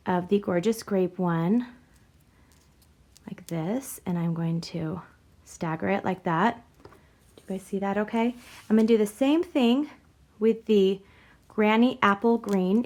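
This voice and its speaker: A woman's voice: medium pitch, a little mellow. A woman hosting a crafting tutorial, talking chattily through each step in a bubbly way and giggling at herself. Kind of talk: casual step-by-step demonstration.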